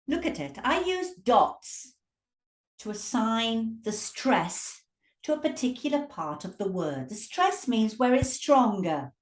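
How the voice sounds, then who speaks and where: A woman teaching English pronunciation, drawing out words slowly and stressing syllables to demonstrate. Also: mid-range voice, distant mic. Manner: slow, drawn-out demonstrative speech with lively emphasis. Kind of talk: pronunciation lesson. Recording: echoey room.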